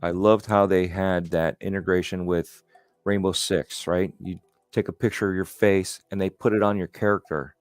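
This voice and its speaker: A man's voice: low-pitched, steady tone, moderate pace, no room sound, clean studio sound. A man hosting a casual podcast chat, telling stories in a rambling, enthusiastic way. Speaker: host.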